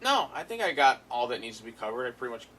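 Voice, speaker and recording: Bright-voiced man rambling casually. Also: medium pitch, very animated, fast, slight background noise, poor audio. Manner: rambling, filler-heavy, amused. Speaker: episode reviewer. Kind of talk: casual spoken review.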